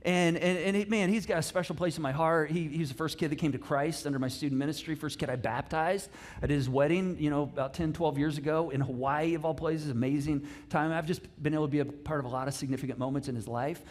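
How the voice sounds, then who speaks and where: Animated high-voiced pastor. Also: male voice, fast. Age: middle-aged. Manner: animated and chatty, with many restarts and asides. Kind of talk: conversational sermon.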